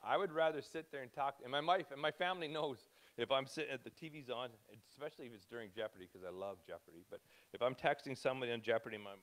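A man's voice: medium pitch, fast talker, a bit bright. Rambling, emotional man preaching. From Canada. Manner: rambling, self-interrupting, emotional. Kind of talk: informal church talk.

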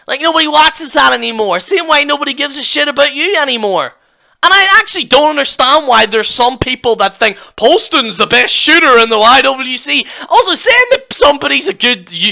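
A man rants in a reaction video, mocking his target and swearing freely. His voice is gravelly with a sharp, bright edge. He talks as a YouTube commentator. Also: very high-pitched.

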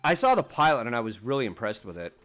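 A man's voice: mid-range voice, big pitch swings, fast talker, a bit bright, faint music behind. A young man streaming games in casual chat, swearing at the game and mocking himself.

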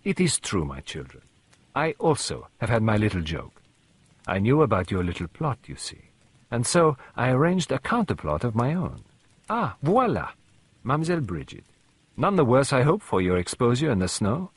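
A man voicing a shrewd elderly Belgian detective, speaking in a measured, formal way with words mixed in. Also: medium pitch, wildly swooping pitch, husky, heavily acted. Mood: explaining.

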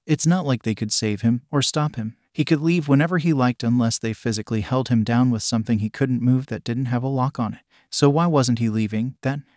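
A man narrates a dark fan story in an even, literal read that spells out symbols. His pitch sits mid-range, and the sound is dry and close to the mic. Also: no room sound.

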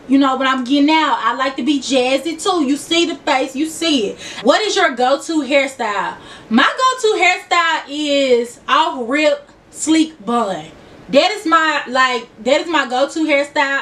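A young woman with a Memphis accent and a high voice talks straight to her viewers in a loose, giggly way. She sits a little back from the mic, so the sound is slightly distant. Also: fairly bright tone. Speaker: vlogger. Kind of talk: casual get-to-know-me chat.

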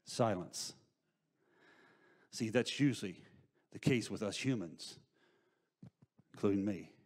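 Middle-aged pastor preaching with dynamic emphasis. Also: male voice, lowish voice, slow pace. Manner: preaching with rhetorical questions, swinging from loud emphasis to hushed asides. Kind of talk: sermon. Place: church sanctuary.

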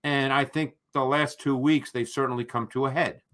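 Male analyst, mid-pitched, bright and forceful tone, measured explainer. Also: steady tone. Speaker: football analyst co-host. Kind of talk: analytical football discussion.

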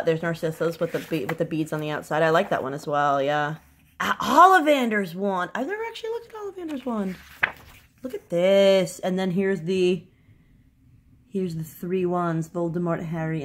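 A woman in a casual unboxing vlog, excitable and gushing, her voice swinging up into squealing highs. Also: normal speed. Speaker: vlogger unboxing a fan subscription crate.

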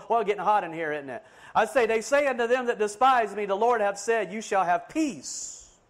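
A man with a high, ringing voice preaches a fiery sermon. He swings from loud, emphatic declarations down to hushed asides.

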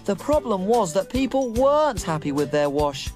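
A woman's voice: medium pitch, sing-song, moderate pace, a little mellow, soft background music. A woman playing a tiny cheerful female cook, telling a story in a sing-song, bouncy children's TV style. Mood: cheery storytelling.

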